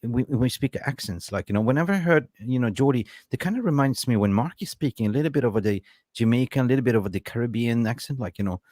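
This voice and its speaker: A man hosts a casual football fan chat, telling stories with a very lively, swooping voice and frequent laughs. The recording is dry and close. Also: mid-range voice, fast, no echo. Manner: animated storyteller, laughs often. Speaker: podcast host.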